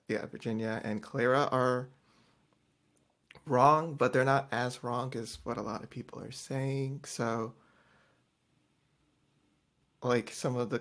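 Animated man in casual chat. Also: medium pitch, creaky. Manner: animated, acts out quotes loudly, rambling with restarts. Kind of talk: casual podcast chat about a reality show.

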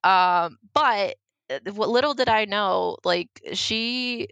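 Young woman telling a story casually, kinda gravelly, says like a lot, dry room. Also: mid-range voice, slow pace, fairly bright tone, no room sound. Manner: storytelling, heavy use of "like". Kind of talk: casual chat.

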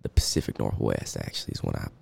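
A man co-hosting a comedy podcast, answering in a mock-earnest put-on cowboy drawl with a gravelly voice and deadpan replies. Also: extremely low pitch, fast talker. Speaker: podcast co-host. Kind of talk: joking banter in a put-on cowboy voice.

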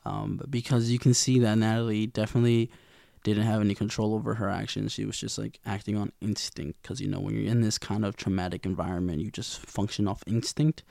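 A man's voice: fairly low pitch, level tone, brisk, warm tone, no room sound, clean studio sound. A young man casually recapping a TV episode in a slangy, rambling way, acting out the characters' lines. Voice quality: gravelly, with vocal fry.

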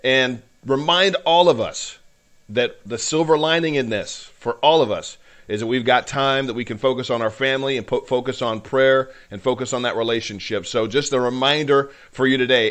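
Speaking at a normal pace in a mid-range, fairly bright voice, a podcast host gives heartfelt faith-based commentary. His delivery is preacherly and fervent, swelling with passion, and at moments he gets choked up.

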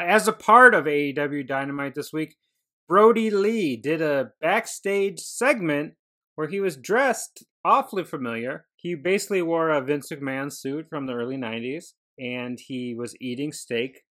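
A man's voice: on the high side, moderate pace, bright, forceful tone. Laid-back joking male podcast host. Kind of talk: casual wrestling chat.

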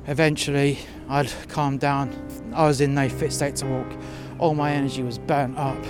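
A man's voice: medium pitch, flat delivery, music in the background. A man telling a workplace story outdoors in the freezing cold, blunt and full of profanity. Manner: blunt and profanity-laden, slowing when tired. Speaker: storyteller recounting a workplace incident. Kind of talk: profane angry first-person storytelling. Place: outdoors in sub-zero cold.

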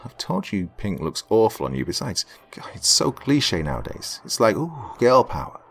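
A man's voice: deep voice, very animated, normal speed, gravelly, a bit bright, exaggerated voice. Mean teen girl, snooty and jealous, read by a man in a storybook. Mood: snobbish. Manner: sneering, snooty. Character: snobby mean teenage girl, jealous and catty.

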